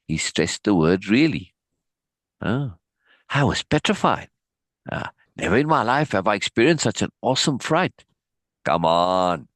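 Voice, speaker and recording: A man teaching, reading a book passage aloud and breaking off with animated, laughing asides and restarts. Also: on the low side, no echo.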